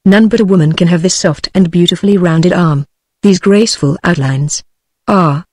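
A woman's voice: lowish voice, moderate pace, no echo, studio quality, natural voice. A text-to-speech woman's voice with a British accent voicing a passionate young male sculptor in a storybook reading. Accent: British English. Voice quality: even synthetic reading voice.

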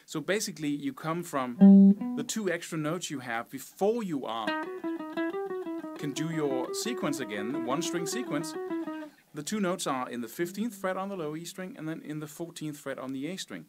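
A man's voice: a little high, animated, normal speed. A man teaching a guitar lesson, explaining step by step and counting out fret numbers. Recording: loud guitar playing behind. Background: electric guitar.

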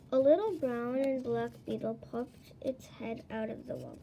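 A woman reading a children's chapter book aloud in an expressive, animated way. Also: on the high side, moderate pace, vocal fry, slight background noise, low-quality recording. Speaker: storybook reader.

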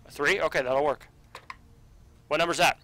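A man with a bright, slightly high voice walks through a tabletop card game, reading the cards out and tallying each dice roll. He stays patient and easygoing with a child beside him. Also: normal speed. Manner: reads card text aloud and counts dice rolls. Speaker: host running the card game. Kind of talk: tabletop game playthrough chat.

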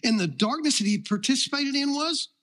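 Emphatic high-voiced male pastor preaching. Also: lively intonation, brisk, a bit bright. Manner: emphatic preaching with rising intensity. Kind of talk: sermon.

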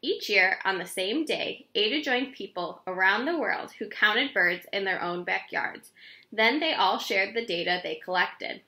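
A woman reading a children's chapter book aloud in an expressive, animated way. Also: medium pitch, a little slow, echoey room. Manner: expressive, animated read-aloud with character voices.

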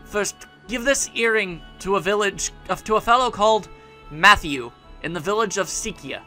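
A man voicing a dying woman rebel leader, calm and resolute, in a quiet, measured, solemn read. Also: high-pitched, soft background music. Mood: solemn, resigned.

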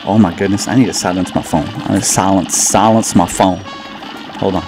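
A man's voice: low voice, fairly even intonation, brisk. A man casually commenting on his own gameplay, joking at himself and repeating words as he plays. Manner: jokey, self-mocking, repeats words. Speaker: gaming channel host. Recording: game music playing behind.

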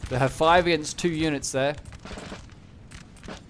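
A man's voice: on the high side, fairly even intonation, measured pace, fairly bright tone, slight background noise. A man giving casual, rambling commentary over a strategy game battle, with lots of fillers and restarts. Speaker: gameplay commentator.

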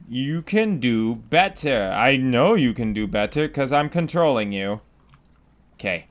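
A man's voice: mid-range voice, big pitch swings, measured pace. A man giving casual commentary over his own game playthrough, goofy and rambling, exclaiming at what happens on screen. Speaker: Let's Play gamer.

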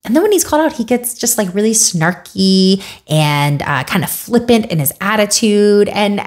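A woman sharing her opinions in a casual commentary vlog. She talks conversationally and with a wry edge, often pausing on fillers. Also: medium pitch, a little mellow. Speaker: video creator.

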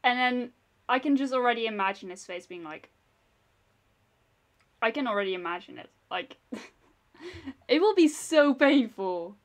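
A woman's voice: fairly high pitch, lively intonation, unhurried, long pauses. A young woman hosting a reaction video, chatting casually in a rambling way and laughing often.

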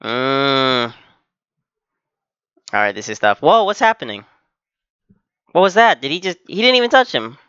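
Excitable man reacting to anime. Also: medium pitch, measured pace, pauses often, smooth, no room sound, lo-fi sound. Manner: excitable, talks back to the screen. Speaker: anime reaction channel host. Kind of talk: live reaction commentary.

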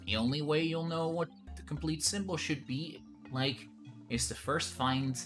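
A man's voice: fairly high pitch, a little slow, music in the background, pitched above the performer's own voice, natural voice. A man voicing an old, drowsy male tree-spirit hermit in a put-on old-man accent, rambling like a conspiratorial storyteller. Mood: folksy.

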